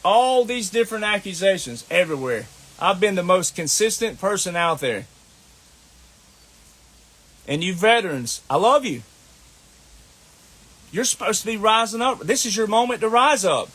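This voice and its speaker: Bright, high-voiced Southern man ranting. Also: expressive, moderate pace, pauses often, slightly rough. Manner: scolding, combative, repetitive. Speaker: online commentator. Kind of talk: ranting monologue to camera.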